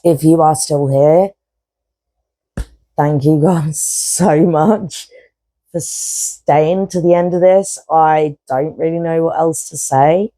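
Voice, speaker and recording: A woman's voice: low-pitched, slow pace, dark tone, no room sound, low-quality recording. A woman hosting a podcast, talking frankly and rambling with lots of fillers and casual swearing. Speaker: podcast host. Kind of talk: candid personal monologue.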